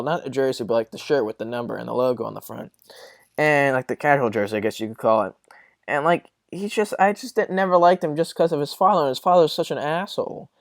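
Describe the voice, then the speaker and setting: A man's voice: fairly high pitch, no echo, studio quality. A young man hosting a casual solo sports podcast, rambling and swearing as he rants. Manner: rambling, profane, exasperated. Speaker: podcast host.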